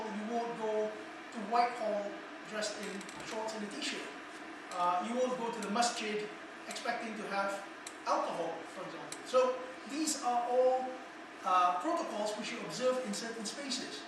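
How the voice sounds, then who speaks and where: A man giving a conference lecture, measured and explanatory, posing questions to his audience. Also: extremely high pitch. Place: conference hall. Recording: echoey hall from far off with noise.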